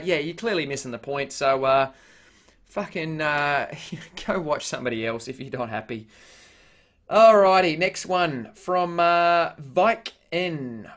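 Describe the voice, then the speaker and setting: A man's voice: a little high, a bit bright. Blunt, foul-mouthed Australian man. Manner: blunt and heavily profane, with many "uh" fillers. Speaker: vlogger. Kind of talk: casual vlog chat.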